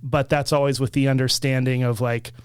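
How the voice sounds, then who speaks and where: A man from Florida co-hosting a casual podcast, explaining ideas in a measured way. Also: medium pitch, little pitch movement, clean tone, no echo. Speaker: podcast co-host.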